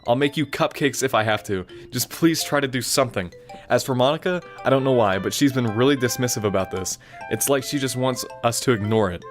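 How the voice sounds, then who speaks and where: A man's voice: medium pitch, a little fast, soft background music, lightly acted. A man voicing a worried teenage girl who pleads for help in a letter. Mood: pleading.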